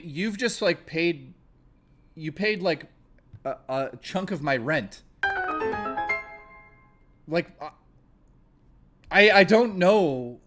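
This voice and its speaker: A man's voice: a little high, sharp tone. A man live-streaming, talking emotionally and rambling, stammering and swearing, close to tears. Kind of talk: casual live-stream chat.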